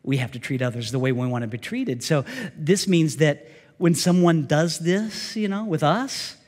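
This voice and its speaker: Male pastor, sermon, direct questions to the congregation, high voice, long reverb in a church sanctuary. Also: expressive, moderate pace, darkish tone.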